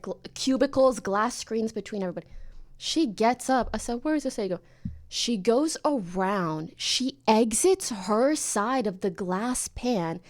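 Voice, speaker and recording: A woman from Canada tells a story as a streamer, casual and animated. Her voice sits high and swings widely in pitch, and it jumps even higher whenever she quotes herself.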